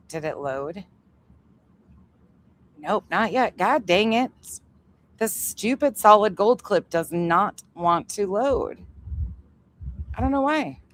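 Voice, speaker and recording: A woman's voice: on the low side, fairly bright tone, slight background noise. A woman hosting a livestream, reacting to clips in blunt, heated, profane commentary. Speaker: commentary channel host.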